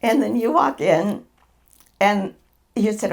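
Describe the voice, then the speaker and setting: Here a middle-aged woman with a medium-pitched voice tells her story slowly. She is a patient guest speaking candidly, rambling, repeating herself and laughing as she talks.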